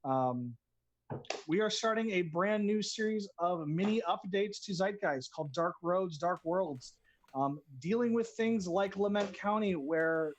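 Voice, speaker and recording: A man's voice: sits high, lo-fi sound, a little hiss or hum. A man who designs tabletop games, explaining his rules and plugging updates in a rambling, casual way. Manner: rambling, many ums and restarts. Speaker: game designer and guest game master. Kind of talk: casual chat, promoting a game.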